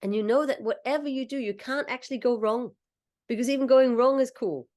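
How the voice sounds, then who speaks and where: A woman coach leading a slow, soothing guided visualization, talking the listener through each step. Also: on the high side, darkish tone. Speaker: confidence coach.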